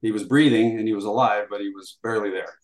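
A man's voice: lowish voice, steady tone, fast talker. An older man recounting a story as an interview guest, acting out dialogue as he goes, with frequent fillers. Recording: roomy echo.

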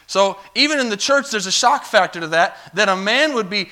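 Speaking at a normal speed with lively intonation, a high-pitched pastor delivers a sermon in his church sanctuary with a bright, forceful tone. His storytelling is loose and conversational, punctuated by calls for amens.

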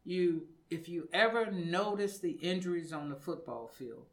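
A man's voice: sits high, measured pace, a bit bright. A man, a fitness coach and studio guest, explaining exercise in casual radio talk and repeating words for emphasis.

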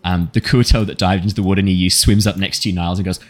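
A man narrating as dungeon master in a tabletop game, talking casually with lots of fillers and quick laughs. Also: low voice. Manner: casual, many fillers, laughs at his own jokes.

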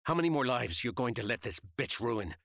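A man's voice: medium pitch, expressive, a little fast, gravelly, a bit bright, no room sound, studio quality, pitched above the performer's own voice. A man voicing a hard, contemptuous soldier who gives harsh commands.

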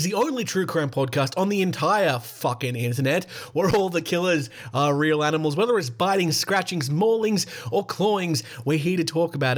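An Australian man in his thirties hosts a podcast with a fairly high voice. He jokes, swears freely and rambles. His voice sounds hoarse and worn. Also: expressive, moderate pace, few pauses. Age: 30s. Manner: profane, jokey, rambling. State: hoarse, voice going. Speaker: podcast host. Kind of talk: casual comedic podcast monologue and story reading.

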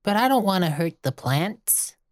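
A man's voice: high-pitched, sing-song, normal speed, no room sound, studio quality, pitched above the performer's own voice. A man voicing an earnest, worried eight-year-old girl with a nasal voice.

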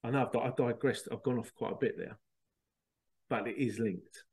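A man's voice: mid-range voice, steady tone, moderate pace, a little mellow. A man hosting a podcast, talking in a rambling, digressive monologue and mocking other people in put-on voices. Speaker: podcast host. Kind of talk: casual spoken monologue.

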